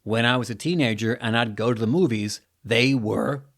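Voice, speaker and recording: Animated New Zealand man telling a story. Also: normal speed. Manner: animated, jumping in pitch for emphasis. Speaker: podcast host. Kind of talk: casual storytelling monologue.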